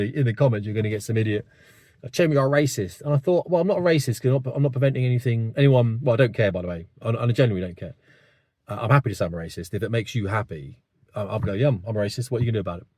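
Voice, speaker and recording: A man's voice: on the low side, a little mellow, breathy edge, no room sound, clean studio sound. A man in his fifties, host of his own channel, rambling through his opinions in casual talk, often asking the listener if it makes sense. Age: 50s. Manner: rambling, thinking aloud, many tag questions.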